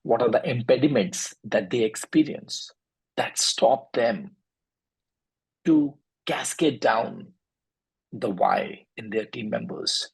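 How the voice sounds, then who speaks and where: A man hosting a podcast, asking earnest interview questions in a slow, deliberate way with a gravelly, raspy voice. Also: medium pitch, poor audio. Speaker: podcast host.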